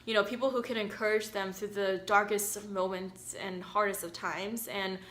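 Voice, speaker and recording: A woman's voice: mid-range voice, fairly even intonation, normal speed. A woman, a doctor and mother, reading a picture book aloud and chatting about it in an encouraging manner. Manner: chatty, warm, encouraging, many fillers. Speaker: physician reading to children.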